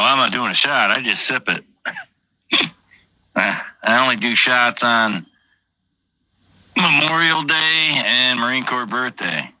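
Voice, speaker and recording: Solo livestreamer, rambling and crude, fairly low voice with a bright, cutting edge. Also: male voice, dry recording, rough recording. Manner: rambling, heavy swearing, offhand. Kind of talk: casual late-night livestream chat while drinking.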